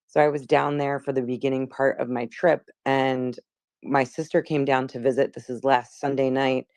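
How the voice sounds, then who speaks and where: A woman's voice: very deep voice, level tone, normal speed, darkish tone, no room sound. A woman in her forties from South Jersey, casually recounting what she saw, chatty and rambling with many fillers. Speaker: witness.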